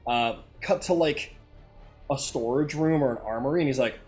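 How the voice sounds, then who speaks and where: A man's voice: medium pitch, normal speed, darkish tone, soft background music. Male game master, casual, filler-heavy narration. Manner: rambling, with many fillers like "um" and "like".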